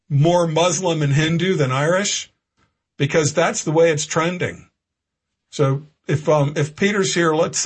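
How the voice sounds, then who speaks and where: A man's voice: a little high, breathy edge. A man hosting a political talk radio show, delivering a discursive, lecturing monologue with frequent restarts. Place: home studio in Florida.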